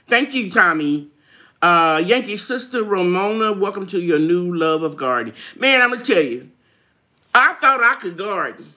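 A woman's voice: mid-range voice, lively intonation, pushed and bright. Chatty woman hosting a live chat. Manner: chatty, laughs often, drawn-out emphasis. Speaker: gardening channel host. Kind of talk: live chat reading viewer comments.

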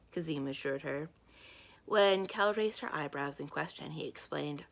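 A woman librarian reading a children's book aloud in calm, steady narration. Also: low-pitched, unhurried, creaky.

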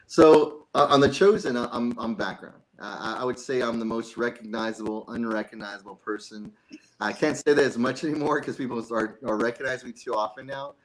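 A man's voice: mid-range voice, brisk, low-quality recording. Chatty man laughing at himself. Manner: chatty, self-joking, laughs often. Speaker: actor and guest. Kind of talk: casual interview chat.

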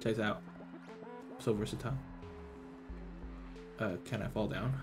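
A man chatting casually while playing a video game, often muttering quietly to himself between stories. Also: fairly low pitch, fairly even intonation, measured pace, music in the background. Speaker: gamer. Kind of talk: casual gameplay chat.

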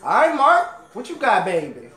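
Gushing, excitable man in an echoey room. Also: sits high, normal speed, faint music behind. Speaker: host of a music reaction channel. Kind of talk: reaction commentary.

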